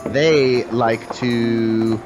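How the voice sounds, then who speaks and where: A man's voice: mid-range voice, steady tone, drawn-out words, over music. Man doing a fussy bearded dwarf. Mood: fussing. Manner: fussy, repeats warnings over and over. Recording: dull lo-fi mic.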